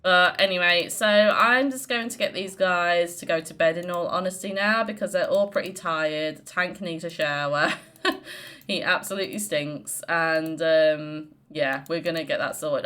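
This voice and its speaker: Woman hosting a game let's play, chatty and giggly, lowish voice, faint music behind. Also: unhurried, bright, forceful tone. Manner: chatty, giggly, lots of fillers. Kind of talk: casual gameplay commentary.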